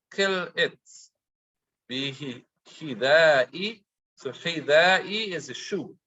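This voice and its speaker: A man's voice: a little high, pushed and bright, muffled recording. A man teaching an Arabic lesson, patiently translating and explaining a dialogue word by word.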